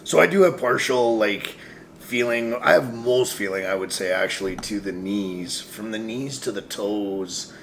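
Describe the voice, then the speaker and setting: A man's voice: on the low side, unhurried, fairly bright tone, slight background noise. A man talking as a guest in a casual chat, easygoing and hesitant with fillers.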